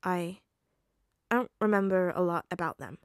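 A woman's voice: on the low side, no echo, clean studio sound, close to an everyday voice. Woman voicing a hesitant teenage boy. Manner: hesitant, halting with ums. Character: nervous grieving teenage boy.

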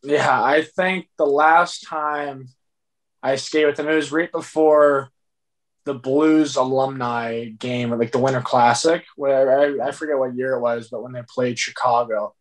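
A man's voice: mid-range voice, fairly even intonation, measured pace. Laid-back young man telling stories. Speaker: guest hockey player. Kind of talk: casual interview chat.

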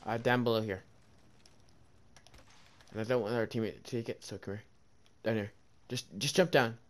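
A young man streaming a video game, chatting casually with a friend, joking and swearing and getting easily excited. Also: mid-range voice, normal speed. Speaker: gaming streamer. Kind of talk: casual gameplay chat.

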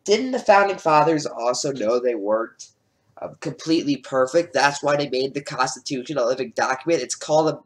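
A man's voice: mid-range voice, expressive, brisk. A man giving casual, sarcastic commentary while reacting to video clips, with lots of filler words.

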